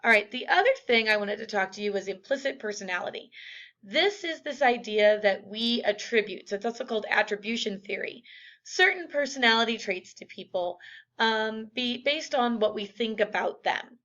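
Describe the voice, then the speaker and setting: A woman's voice: a little high, animated, normal speed, fairly bright tone. A woman teacher giving a casual recorded lecture, with lots of fillers. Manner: casual, chatty, many fillers. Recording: dull lo-fi audio.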